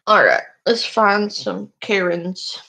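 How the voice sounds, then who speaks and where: Slow, chatty woman streamer. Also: mid-range voice, animated, creaky, bright, forceful tone. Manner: chatty, swears casually, coos and baby-talks to her dog. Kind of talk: casual live-stream chat.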